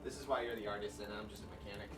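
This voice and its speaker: A man's voice: on the low side, steady tone, rapid-fire, far from the mic, soft background music. A man chatting casually with his partner during her art stream, easygoing and teasing. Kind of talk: casual chat.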